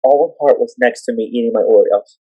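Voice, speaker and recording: A husky, mid-range podcast guest rattles off wrestling memories in rapid, run-on fashion, animatedly acting out everyone he quotes in casual storytelling. The audio is narrow and tinny but has no echo.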